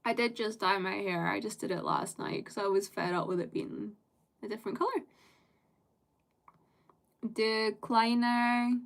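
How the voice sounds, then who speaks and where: A woman's voice: medium pitch, brisk, creaky, fairly bright tone. A woman live streamer chatting with her viewers in a loose, rambling way. She strings thoughts together with constant fillers and drops casual swear words.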